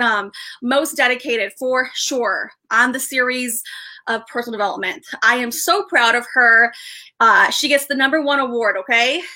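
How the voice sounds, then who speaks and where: High-voiced young woman chatting on a live stream, super excited, rambly, lots of ums and restarts. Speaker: livestream host. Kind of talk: casual live-stream chat.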